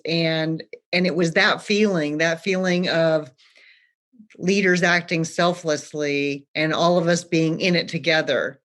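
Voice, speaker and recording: A woman's voice: deep voice, fairly bright tone. A woman co-hosting a podcast, reflecting on experience and asking thoughtful questions. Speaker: podcast co-host. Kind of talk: conversational interview.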